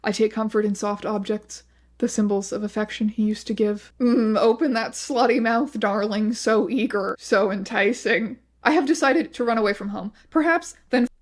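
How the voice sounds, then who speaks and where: A woman narrating a video essay, reading online posts aloud in a flat, measured voice. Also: medium pitch.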